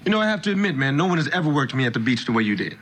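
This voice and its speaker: An actor playing a smooth-talking, cocky basketball hustler in film dialogue, over background noise. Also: male voice, a little high, sing-song, rapid-fire. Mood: confident. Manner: slick, persuasive, cocky.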